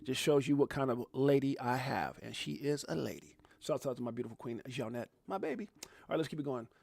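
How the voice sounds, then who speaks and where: A man hosting a casual livestream, talking straight to his viewers in an animated, chatty way. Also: mid-range voice, brisk, vocal fry, no room sound. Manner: animated, talks directly to viewers with shout-outs. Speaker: livestream host.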